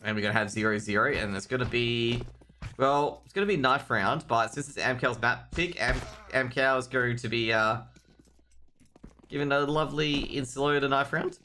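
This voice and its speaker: An Australian man calls a live esports match in a bright, forceful voice at an ordinary mid pitch. He rambles and cracks jokes at the chat between plays, drifting off topic before snapping back to the game. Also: normal speed, a little hiss or hum. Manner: rambling, joking banter with chat. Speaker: esports caster.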